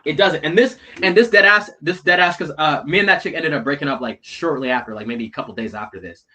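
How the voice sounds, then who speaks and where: A man with a bright, slightly high voice telling a story in casual chat. He swears freely and keeps checking in with "right?" and "bro". His voice swings from loud, heated retelling to low muttered asides. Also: fast talker. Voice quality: heavy swearing, slangy, repeats "right?" and "bro".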